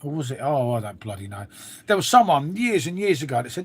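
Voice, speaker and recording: Fast-talking and sing-song, this middle-aged Englishman has a high-ish, slightly rough voice. On his live stream he rambles casually to viewers, cursing without restraint and drifting off into tangents.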